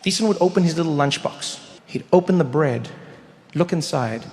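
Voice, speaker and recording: A man doing stand-up comedy, telling stories with animation and bursting into loud shouts. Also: a little high, expressive, normal speed. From South Africa. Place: large theater stage. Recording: reverberant hall, faint noise.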